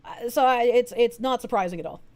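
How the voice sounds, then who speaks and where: A woman's voice: fairly high pitch, brisk, darkish tone. A young woman streaming, talking politics in a casual, argumentative and emphatic way. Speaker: streamer host.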